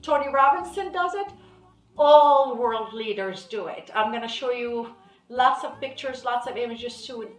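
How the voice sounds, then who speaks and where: A woman therapist explains a technique in an informal lesson, animated and repeating her main points. Her voice is high and sits back from the mic in an echoey room. Faint music plays underneath. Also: distant mic. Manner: animated, acts out client dialogue, repeats key phrases. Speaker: hypnotherapist teaching a technique.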